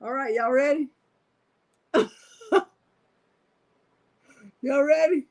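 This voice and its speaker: A woman hosting a live crafting tutorial, talking straight to her viewers in an animated, exclamatory way. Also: sits high, drawn-out words.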